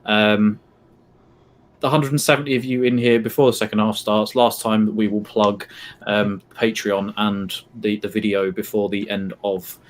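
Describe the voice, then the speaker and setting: Man, low voice, casual live stream chat, rambling and hesitant. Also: little pitch movement, normal speed. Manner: rambling, hesitant, lots of plugs. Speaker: watch-along co-host.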